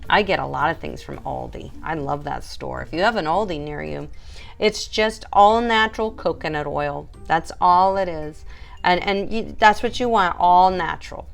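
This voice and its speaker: A woman's voice: low-pitched, normal speed, vocal fry, faint music behind. A woman, a pet groomer, hosting a casual live stream, chatty and emphatic as she answers viewers by name.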